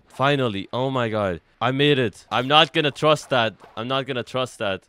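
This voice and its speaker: A young man streaming himself playing a game, excitable and full of slang, jumping from loud shouts to low mutters. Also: normal speed, few pauses, smooth, no echo. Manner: casual slang, says "bro" often. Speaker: gaming streamer. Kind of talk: live gameplay commentary.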